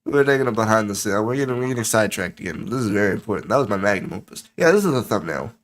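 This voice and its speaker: A young man streaming late at night, rambling and joking with himself in a tired, low voice that keeps getting sidetracked. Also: lively intonation, racing. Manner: rambling, self-mocking, easily sidetracked. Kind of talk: casual solo stream chat.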